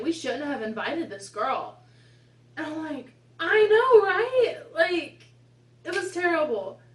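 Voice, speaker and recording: A woman in her twenties telling a rambling, casual story about her past, with exasperated asides. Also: mid-range voice. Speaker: vlogger. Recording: echoey room, mic at a distance.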